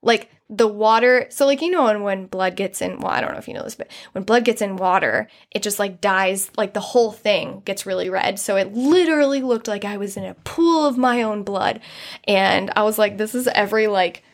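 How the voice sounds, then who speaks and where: A woman's voice: mid-range voice, normal speed. A young woman hosting a podcast, candidly telling a personal story in a rambling way, with many fillers and laughter through hard moments. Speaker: podcast host.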